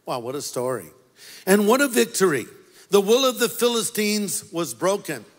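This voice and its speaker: A man's voice: sits high, big pitch swings, normal speed. A man preaching a sermon as pastor, telling a story with playful asides to the congregation. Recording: long hall reverb.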